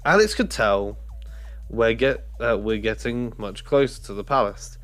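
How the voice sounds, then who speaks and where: A man's voice: fairly low pitch, measured pace, a bit bright. A man casually reading a storybook aloud, laughing at his own slips and restarting lines. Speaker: reader of a children's book. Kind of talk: casual read-aloud narration.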